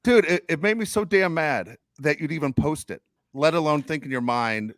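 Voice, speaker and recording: A man's voice: on the high side, expressive, moderate pace, fairly bright tone, no echo. A man co-hosting a podcast in casual chat, ranting and swearing often. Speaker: podcast co-host.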